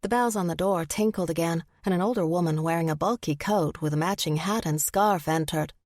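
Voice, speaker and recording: A woman narrating a first-person audiobook, expressive in the character's flustered lines. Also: on the low side, fairly quick, dry recording, clean studio sound.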